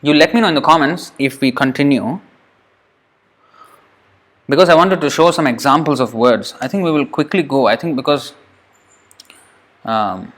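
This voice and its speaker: Teacher, male, mid-pitched, informal lesson pace, repeats syllables patiently. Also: a bit bright. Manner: repeats sounds slowly, thinks aloud, chuckles. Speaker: Sanskrit pronunciation teacher. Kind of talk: informal lesson drilling sounds.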